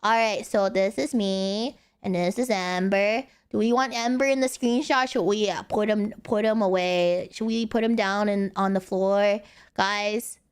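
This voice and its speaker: A woman's voice: medium pitch, a little slow, smooth. A young woman streaming casually, rambling playfully and laughing often. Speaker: VTuber streamer. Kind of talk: casual live-stream chat.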